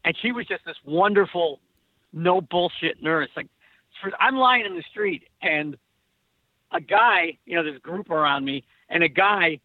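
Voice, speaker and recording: Heard over a dull, lo-fi remote connection, this older political writer is a guest in a relaxed interview, spinning wry stories and often starting over mid-thought. His voice sits high, and the recording is dry.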